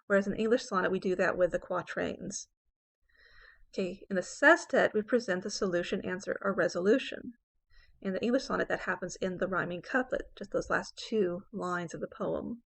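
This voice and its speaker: A woman's voice: mid-range voice, gravelly. A woman English professor giving a recorded poetry lecture, explaining step by step and often saying "okay" between points.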